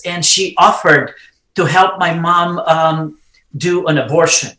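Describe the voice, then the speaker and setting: A man around sixty from Romania, speaking with a Romanian accent as a podcast guest, talking in a fervent, preacher-like, deliberate way. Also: a little high, sharp tone, reverberant. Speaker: immigration lawyer and podcast guest. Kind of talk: passionate conversational storytelling.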